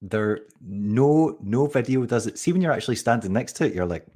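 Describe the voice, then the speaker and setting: A man's voice: mid-range voice, expressive, normal speed, dark tone. A man in his forties hosting a casual live-stream chat, teasing his guest and often repeating words as he starts sentences. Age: 40s. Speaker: host.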